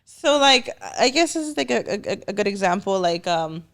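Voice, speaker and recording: A woman's voice: mid-range voice, animated, normal speed, fairly bright tone. A woman guesting on a casual podcast, playful and teasing as she talks. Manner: playful, teasing, laughs between lines.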